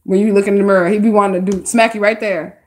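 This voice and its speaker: On a live stream, a woman reads tarot casually, talking right to her viewers in a chatty, slangy style. Her voice sits in the mid-range with fairly even intonation, and she speaks fast.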